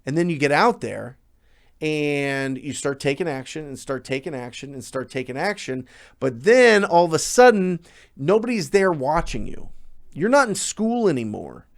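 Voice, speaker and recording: A man giving a motivational talk as a real estate coach, energetic and emphatic, often repeating words for emphasis. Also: fairly high pitch, normal speed, vocal fry.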